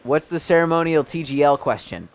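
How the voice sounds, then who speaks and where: A young American man chatting as a celebrity guest while playing a video game, breaking into excited shouts at the game. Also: on the high side, brisk. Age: young adult.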